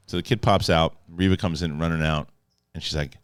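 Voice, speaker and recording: A man doing a casual spoiler review of a TV episode, animated and joking, with loose profane talk and bits where he acts out the characters. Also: low-pitched, smooth, no echo. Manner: animated, acts out characters in quick put-on voices. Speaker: film and TV reviewer.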